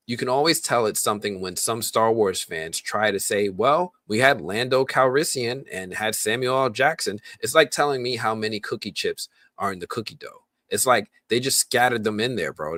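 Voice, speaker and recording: A man's voice: on the low side, normal speed, sharp tone, no room sound. A man hosting a casual movie news podcast, talking loosely with lots of ums and restarts. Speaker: podcast host.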